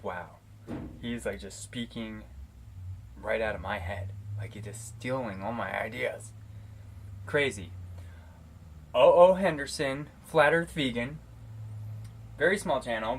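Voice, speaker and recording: A man's voice: medium pitch, fairly bright tone, slight background noise. An American man talking casually to camera in a vlog, rambling and affectionate, with plenty of fillers and restarts. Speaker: vlogger. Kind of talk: casual talking-head shout-outs. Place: living in Arizona. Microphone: camera mic, talking straight to camera.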